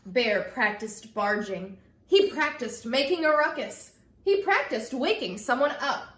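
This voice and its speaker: A woman telling a children's story in an expressive storytelling manner, then talking to kids about it as a church storyteller. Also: fairly high pitch, slow pace. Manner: expressive, sing-song storytelling. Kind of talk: read-aloud story and children's message. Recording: echoey room.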